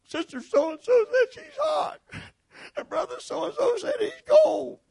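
A man's voice: very high voice, sing-song, unhurried, creaky, darkish tone, voice pushed up, full character voice. A preacher voicing a flustered male church usher who sounds whiny and near tears. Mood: distressed.

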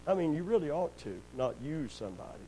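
A middle-aged pastor, preaching in a folksy storytelling way, sprinkling in amens and praise God, and rising loud and high when he gets worked up. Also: sing-song, quick pace, a little hiss or hum, poor audio. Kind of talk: sermon.

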